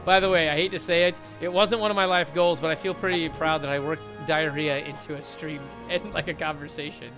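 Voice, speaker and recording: A man's voice: fairly high pitch, fairly even intonation, fairly quick, hardly any pauses, fairly bright tone, soft background music. A man casually commentating a video game match on a live stream, joking and rambling, with "like" in every line. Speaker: esports commentator.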